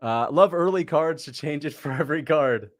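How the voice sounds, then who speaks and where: A man's voice: a little high, no echo, studio quality. A young man casually hosting a livestream, chatting loosely, laughing easily and thanking viewers as he reacts. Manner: loose, chatty, quick to laugh, reads out donations. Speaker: livestream host reacting to fights.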